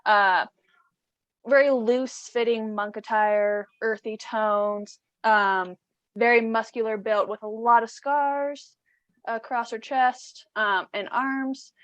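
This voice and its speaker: A woman's voice: fairly high pitch, steady tone, slow, fairly bright tone, no echo, lo-fi sound. A woman playing a tabletop game, describing her character and speaking in character in a playful, flirtatious way. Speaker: player. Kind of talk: in-character tabletop role-play.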